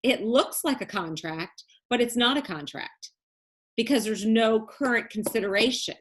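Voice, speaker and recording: A woman's voice: on the high side, moderate pace. A woman teaching a business law class in a recorded lecture, explaining in a casual, colloquial way and teasing her students with jokes. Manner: lively, joking, teasing students.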